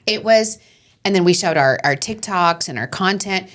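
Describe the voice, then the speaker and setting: Gushing Long Island woman, low voice. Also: moderate pace. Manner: animated, gushing storyteller. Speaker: podcast co-host. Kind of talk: casual chat. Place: podcast studio.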